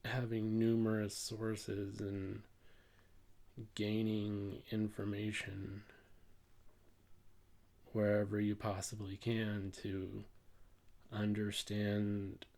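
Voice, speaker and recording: A young man vlogging casually to camera, talking in a halting monotone that he admits to himself, swearing often and trailing off with fillers. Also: lowish voice, gravelly. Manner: slow, halting, monotone delivery.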